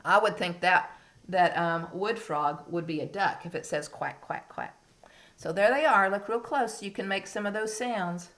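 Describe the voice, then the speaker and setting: A woman's voice: medium pitch, normal speed, fairly bright tone, echoey room. A woman, a kindergarten teacher leading a reading lesson and talking patiently in a sing-song way to small children.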